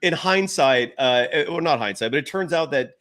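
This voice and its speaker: A man hosting a live postgame basketball talk show from his home, an animated storyteller who acts out quotes. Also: a little high, moderate pace. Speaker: show host.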